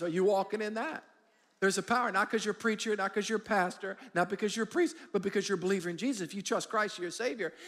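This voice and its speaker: A man pastor preaching a sermon with lively call-and-response, prompting the congregation to repeat key words. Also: high voice. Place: large church auditorium. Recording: long hall reverb.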